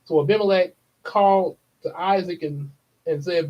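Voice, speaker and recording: A man's voice: sits high, normal speed. A man reading the Bible aloud and adding chatty, playful commentary between the verses. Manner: chatty, playful asides, chuckles. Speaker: Bible reader for a church channel. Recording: dull lo-fi recording.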